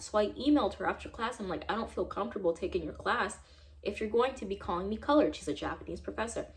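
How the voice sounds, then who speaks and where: A woman's voice: medium pitch, quick pace. Young American woman, 20s, San Diego; furious, profane storytime vlogger. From San Diego, United States. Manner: angry, profane, emphatic ranting. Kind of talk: heated personal storytime vlog.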